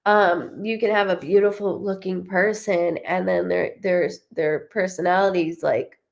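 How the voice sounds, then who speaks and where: A woman's voice: lowish voice, measured pace, vocal fry. A young woman giving a live reading as a medium, chatting casually and laughing often as she passes on what she hears. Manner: chatty, animated, laughs often, quotes the spirit in a lively voice.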